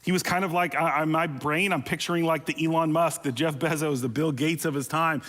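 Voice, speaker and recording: A man's voice: a little high, steady tone, fairly quick, fairly bright tone. A man preaching a sermon as pastor, conversational and humorous, with playful asides and rising intensity on emotional appeals.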